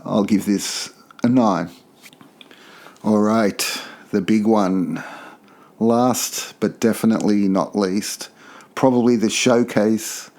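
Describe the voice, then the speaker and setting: A man's voice: lowish voice, darkish tone. A man hosting a podcast, giving a casual track-by-track album review in an enthusiastic, opinionated way, often repeating himself for emphasis. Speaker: podcast host.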